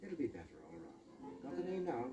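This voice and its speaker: A man voicing a sly, smooth-talking male fox in an old audio story, coaxing and urgent. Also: brisk, distant mic, muffled recording, background noise. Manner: coaxing, urgent, high and lively. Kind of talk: amateur storybook acting.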